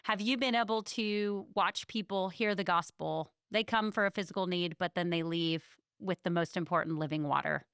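A woman's voice: lowish voice, moderate pace, hardly any pauses, fairly bright tone, smooth, dry recording, clean studio sound. A woman hosting an interview, speaking in an affirming, reflective way. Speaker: podcast host.

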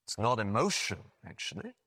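A man preaching a sermon, telling stories in an animated way with frequent restarts and asides. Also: fairly low pitch, fairly quick, vocal fry, husky, no room sound, clean studio sound. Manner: animated storytelling with frequent restarts and "you know".

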